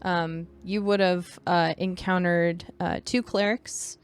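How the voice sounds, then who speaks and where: A woman in California narrating as game master, relaxed, with many fillers and casual swearing. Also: on the low side, slow pace, clear, resonant tone. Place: home in California.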